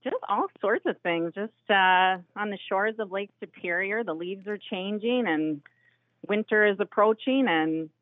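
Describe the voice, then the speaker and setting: A woman from Minnesota with an Upper Midwest accent, calling a radio show and chatting excitedly. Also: mid-range voice, measured pace, no room sound, phone-quality sound. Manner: chatty, excited, laughs easily. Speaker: caller. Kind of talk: casual phone call to radio show. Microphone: telephone line.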